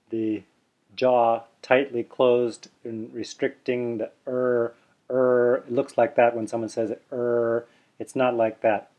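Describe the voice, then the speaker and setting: On video, a medium-pitched language teacher walks through a pronunciation lesson, patiently explaining and voicing the sounds. He sometimes corrects himself in a relaxed, chatty way. The visible camera mic picks up dull, lo-fi audio.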